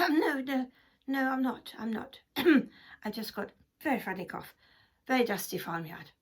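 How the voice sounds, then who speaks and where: Croaky coughing farmyard hen, breathy and shrill, read by a woman. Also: lively intonation, measured pace, heavily acted. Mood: croaky excuse. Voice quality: croaky, coughing, high squawking bursts. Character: fussy black hen hiding a croaky cough.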